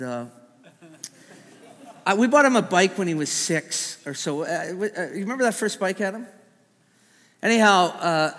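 A middle-aged man preaching in a church sanctuary, his voice sitting a little high for a man. He is lively and stumbles through quick restarts. A long hall reverb trails after every phrase. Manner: animated, stammering restarts, acts out quoted voices. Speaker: pastor. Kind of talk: sermon.

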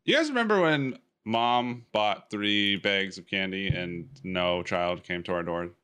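A man's voice: sits low, animated, measured pace, bright, forceful tone, clear, resonant tone. A man co-hosting a casual movie podcast, telling stories with wry jokes. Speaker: podcast co-host.

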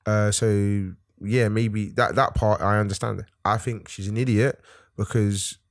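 A man explaining his view on a podcast in a hesitant, measured way with many pauses. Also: fairly low pitch, steady tone, dry recording, clean studio sound. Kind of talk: casual chat.

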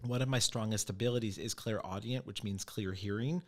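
A man's voice: on the low side, fairly quick. A man hosting a casual chat, telling stories and acting out what people said. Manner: animated storyteller, acts out quotes. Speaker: podcast host and medium.

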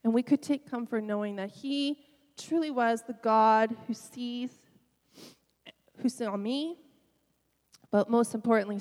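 A middle-aged woman pastor preaching a sermon, telling a personal story with emotion and soft laughs. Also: fairly high pitch, long reverb tail.

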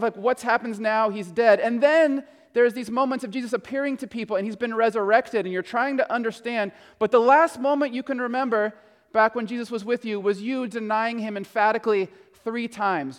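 Male pastor, high and smooth voice, conversational sermon, long hall reverb. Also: a little fast. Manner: conversational storytelling, swinging between hushed and emphatic.

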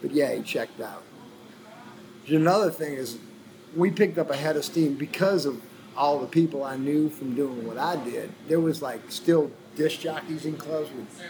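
Slightly high and darkish in tone, this man speaks at a moderate pace on a low-quality recording with slight background noise. A New Orleans musician appearing as a guest, he tells a long, wandering story in a casual interview, cursing liberally and performing the voices of those he quotes.

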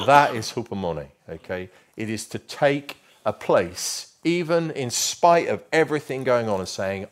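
A man preaching a sermon, emphatic and slowing right down to stress key phrases. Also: medium pitch, expressive. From England.

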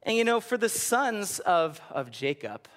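Young man, pastor, conversational sermon, slightly high voice, stammers and repeats words, animated. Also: a little slow. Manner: animated, conversational preaching with frequent "right?" asides.

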